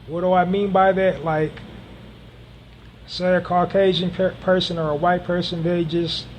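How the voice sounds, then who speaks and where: A man with a high-pitched voice hosts a solo podcast monologue at a measured pace with a level tone. He speaks earnestly, repeats phrases for emphasis, and says um frequently, and there's a little hiss or hum in the audio.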